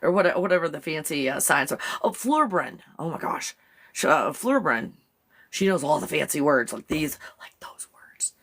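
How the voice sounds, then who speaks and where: Woman, low gravelly voice, rambling live-stream host, giggly, chatty, phone mic. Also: expressive, moderate pace. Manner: rambling, giggly, chatty, talks to her dog in a high baby voice. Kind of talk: casual live-stream chat.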